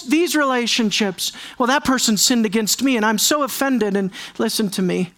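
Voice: mid-range voice, animated, moderate pace, hardly any pauses, a bit bright. A pastor preaching a sermon to a congregation, addressing them directly and repeating key words for stress.

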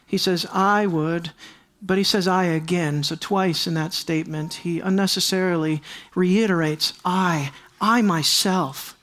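A pastor delivering a sermon at an unhurried pace, speaking straight to the congregation. Key words come back again and again for emphasis, and each phrase is given its own weight. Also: mid-range voice, a bit bright. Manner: emphatic preaching, repeats key words for stress; addresses the congregation directly.

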